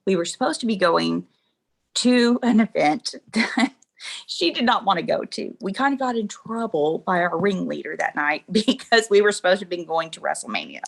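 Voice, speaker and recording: A woman's voice: medium pitch, lively intonation, normal speed, vocal fry. Chatty middle-aged woman telling a story. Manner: chatty, laughs often, acts out quoted dialogue. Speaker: interview guest. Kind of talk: personal storytelling.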